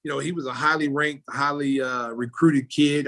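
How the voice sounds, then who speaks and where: A middle-aged American man talks through a long story in a relaxed interview, his voice sitting at an ordinary middle pitch. He acts out the people he quotes, jumping up in pitch and loudness for the funny bits and dropping back down for the asides. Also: moderate pace. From United States. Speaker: former pro basketball player and announcer, interview guest.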